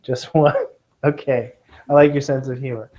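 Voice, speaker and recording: A man from Kentucky teaching a class of students, lively and joking, often checking in with "okay?". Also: medium pitch, moderate pace, highs cut off. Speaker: test prep teacher.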